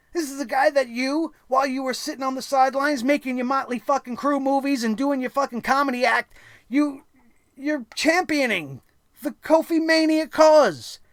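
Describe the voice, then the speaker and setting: A man's voice: extremely high pitch, fairly bright tone, no room sound. Profane, ranting male wrestling reviewer. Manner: angry, sarcastic, swears constantly.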